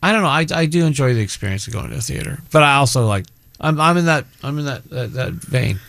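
A man's voice: medium pitch, lively intonation, quick pace, vocal fry, a bit bright, no echo. A middle-aged man hosting a casual chat show, rambling and often breaking off mid-sentence. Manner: rambling, self-interrupting, chatty. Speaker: show host.

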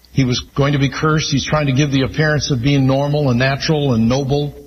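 A man preaching a sermon as pastor, speaking slowly and with emphasis and reading Scripture aloud. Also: medium pitch, muffled recording, slight background noise.

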